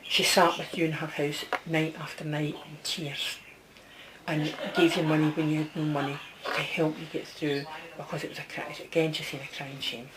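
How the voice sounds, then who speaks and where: A woman works as a medium in a close, one-to-one reading. Her voice sits a little low. She talks in a chatty stream, relaying what she hears and constantly asking whether it makes sense. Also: little pitch movement, moderate pace, crowd noise, poor audio. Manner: chatty, relays messages, keeps checking with the sitter. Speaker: psychic medium.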